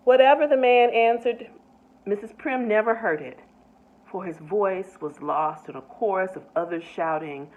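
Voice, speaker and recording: A woman, a nurse, reading a picture book aloud with expressive delivery and asides to her listeners. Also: fairly high pitch, moderate pace. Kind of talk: storybook read-aloud. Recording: tinny phone-like sound.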